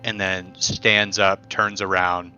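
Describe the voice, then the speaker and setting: Male tabletop player, deliberate, bright tone, lowish pitch. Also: flat delivery, clean tone, soft background music. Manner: slow, deliberate describing of actions. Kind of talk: tabletop game play. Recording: dull lo-fi mic.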